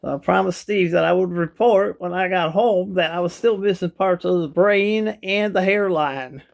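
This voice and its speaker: A man vlogs from a kitchen chair at home, filming himself on a phone. His voice sits a little high for a man and has a gravelly texture. He rambles from joke to joke and keeps addressing his viewers directly. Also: normal speed. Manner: jokey, rambling, talks straight to viewers. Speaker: vlogger. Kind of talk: casual rambling vlog to camera.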